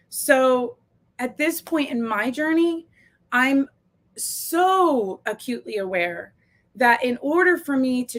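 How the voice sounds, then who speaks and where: Emotional woman coach on a live stream, kinda teary, blunt and sweary, voice a bit high. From United States. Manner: candid, emotional, swears freely. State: tearful, close to crying. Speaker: coach hosting a live video series. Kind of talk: casual live-stream talk to viewers.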